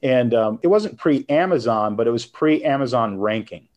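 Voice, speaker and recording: A middle-aged man speaks at a middle pitch as an interview guest. He tells his story with animation, acting out quoted voices and laughing between lines. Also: expressive, a little slow, a little mellow, lo-fi sound. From United States. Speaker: guest author.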